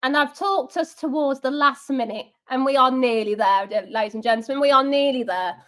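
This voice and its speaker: A woman's voice: high-pitched, normal speed, a bit bright. A young woman hosting a live football watch-along, chatty and sarcastic, reading out viewer comments. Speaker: fan channel watch-along host.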